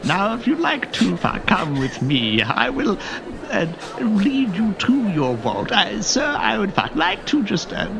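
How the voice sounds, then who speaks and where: A man's voice: sits high, huge pitch swings, a little slow, creaky, a crowd in the background, pitched above the performer's own voice, full character voice. A man voicing a nervous, fussy male bank teller who stammers politely and lets curses slip.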